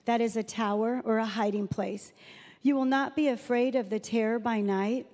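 A woman's voice: on the high side, fairly even intonation, moderate pace, a little mellow. A middle-aged woman, preaching a chatty sermon full of personal stories and Bible readings. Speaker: guest speaker at a church Mother's Day service. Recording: reverberant hall sound.

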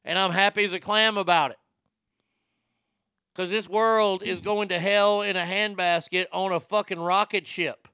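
An older man rants through sarcastic, profane commentary in a gravelly, smooth voice. His tone is bright and somewhat high, and the sound is dry and close. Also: steady tone, moderate pace, dry recording. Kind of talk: ranting political commentary.

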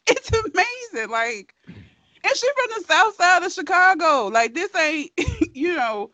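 A woman's voice: very high voice, very animated, a little slow, bright, forceful tone, no room sound. A woman in a casual chat who gushes with admiration, laughs often and swears now and then.

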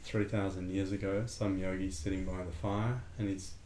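A man teaching a breathing lesson in a calm, conversational way, acting out little dialogues as he explains. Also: sits low, moderate pace. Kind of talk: relaxed spoken lesson with a student. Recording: echoey room with faint ambient noise.

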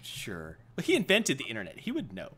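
A man's voice: mid-range voice, huge pitch swings, fairly quick, fairly bright tone, husky. A man co-hosting a live-streamed comics and anime show, joking around and telling gags. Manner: jokey, puts on silly voices. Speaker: podcast co-host. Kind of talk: casual comic chat.

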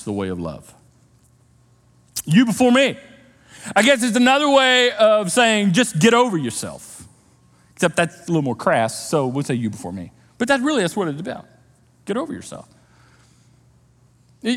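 Animated high-voiced male preacher. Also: big-room sound. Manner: animated, with emphatic repeated refrains and casual asides. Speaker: pastor. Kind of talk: sermon. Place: large church auditorium.

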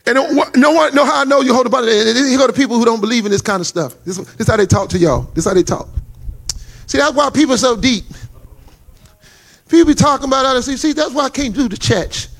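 A male preacher telling a personal testimony in a dramatic, storytelling way, building to shouts. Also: extremely high pitch, fast, gravelly. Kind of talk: testimony sermon. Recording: music playing under the voice.

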